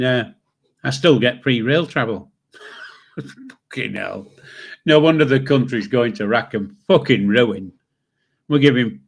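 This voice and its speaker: Older man, chatty, swearing storyteller, mid-pitched voice. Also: fairly bright tone. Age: 60s. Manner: chatty, swears freely, chuckles through his stories. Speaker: host of a live stream. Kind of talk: rambling anecdote storytelling.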